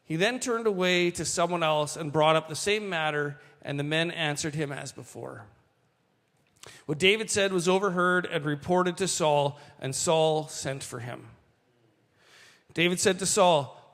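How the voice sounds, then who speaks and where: A man preaching a sermon, reading scripture and adding animated asides to the congregation. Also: a little high, in a large hall. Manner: animated, slows for quoted lines, asides to the congregation. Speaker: pastor.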